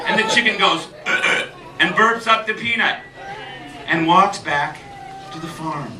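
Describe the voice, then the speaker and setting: A man telling a story live at a children's show, animated and playful, repeating refrains. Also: sits high, unhurried, noisy background. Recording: echoey live room from far off, crowd and music.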